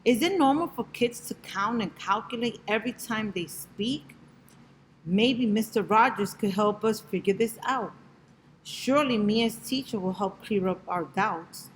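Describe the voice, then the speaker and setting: Worried, sighing mother, read by a woman; slow storybook lines. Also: medium pitch, long reverb tail, slight background noise, close to an everyday voice, rough recording. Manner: sighing, concerned. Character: worried mother of a young girl.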